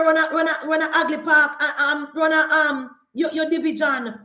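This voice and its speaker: Jamaican woman, fiery political commentator, high voice, mocking rhetorical questions, roomy echo on a phone recording. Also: fairly even intonation, normal speed, hardly any pauses, bright, forceful tone. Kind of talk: impassioned political rant. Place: indoors, filming herself for social media.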